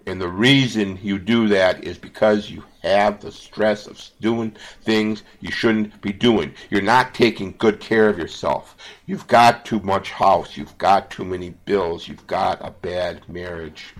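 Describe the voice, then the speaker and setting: Deep gravelly emphatic man. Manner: emphatic, repeats "okay?" and "all right?". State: emotional. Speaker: self-help podcast host. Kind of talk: earnest motivational monologue.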